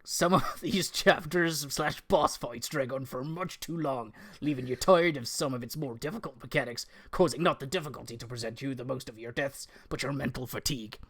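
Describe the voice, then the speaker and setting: A man puts on a hammy West Country accent to read out a friend's comic games review. His voice sits at an ordinary middle pitch. The delivery is mock-grand, tripping over silly fake swear words. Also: moderate pace, hardly any pauses, fairly bright tone, husky. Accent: put-on West Country. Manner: amused, stumbling over mild fake swears. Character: absent male co-host read aloud, mock American-turned-West Country.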